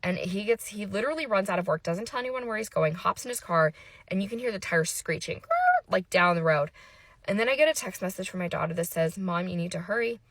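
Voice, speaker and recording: A woman in her thirties tells a frightening family story straight into a close phone mic. Her mid-pitched voice has a gravelly fry to it, and the sound is dry and close, with no room around it. She rushes through the quoted dialogue with tense, breathless urgency. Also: fairly bright tone, no echo. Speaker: mother telling a personal story. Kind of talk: emotional storytime monologue.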